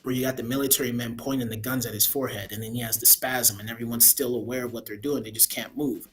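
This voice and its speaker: A man of middle pitch rants casually through a spoiler review of a movie. He rambles and restarts, blunt and opinionated, often tacking "man" onto his sentences. Faint noise sits under his voice. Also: steady tone, fast.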